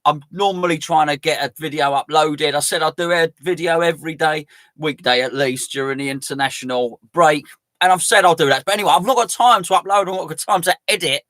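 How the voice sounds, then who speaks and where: Chatty man, bright dry voice. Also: on the high side, brisk, no echo. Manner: chatty, rambling, self-mocking. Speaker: fan channel host. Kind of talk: casual live-stream chat.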